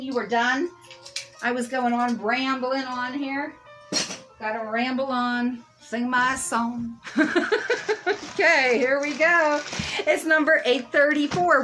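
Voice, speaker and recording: A middle-aged woman runs a live selling stream, her voice a touch high. She rambles on and laughs at her own jokes. Faint music plays behind her. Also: bright, forceful tone, rough recording. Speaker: live sale host.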